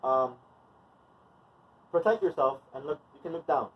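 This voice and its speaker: A man's voice: fairly high pitch, animated, measured pace, slightly rough. Man, movement class instructor, casual, rambling, distant mic, muffled. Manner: loose, conversational, many fillers and restarts. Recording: distant mic, dull sound, faint noise.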